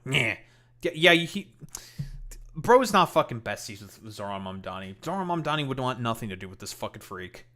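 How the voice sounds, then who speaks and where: A male streamer reacts to a clip, heckling it with profane, mocking commentary. His voice sounds forceful and bright, at an average pitch for a man. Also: lively intonation, normal speed. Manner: mocking, heated, profane, with laughs. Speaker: streamer host.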